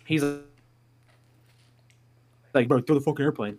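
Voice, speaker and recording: A man in casual conversation tells crude school prank stories. He swears nearly every line and jumps up in excitement when he hits the punchlines. His voice sits at an ordinary middle pitch. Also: unhurried. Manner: profane, rowdy, excitable anecdotes. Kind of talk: casual storytelling chat.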